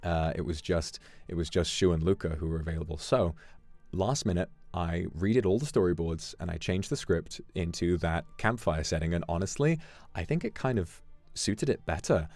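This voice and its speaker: A man streamer chatting casually, telling an animated story with sudden jumps in pitch. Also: moderate pace, dry recording. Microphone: streaming microphone. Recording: dry close mic, faint music behind.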